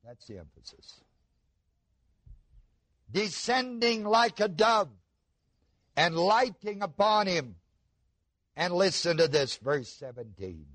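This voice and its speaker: A man preaching a sermon, slow and emphatic, asking his listeners rhetorical questions. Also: sits high, sing-song, a bit bright, no echo.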